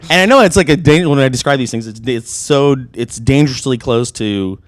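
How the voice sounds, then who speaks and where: A man's voice: mid-range voice, expressive, brisk, no echo. Profane storytelling man, dry sound. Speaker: podcast co-host. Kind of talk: casual chat over drinks.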